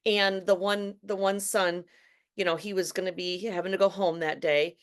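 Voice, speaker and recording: A woman's voice: medium pitch, steady tone, normal speed. A woman hosting a casual interview. She talks in a chatty way, often stammering and restarting her sentences. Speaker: host.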